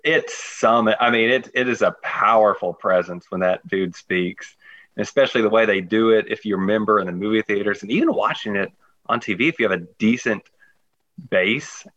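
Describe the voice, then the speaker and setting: A man chatting casually on a podcast, relaxed and keen on pop culture. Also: lowish voice, normal speed. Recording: dull lo-fi sound.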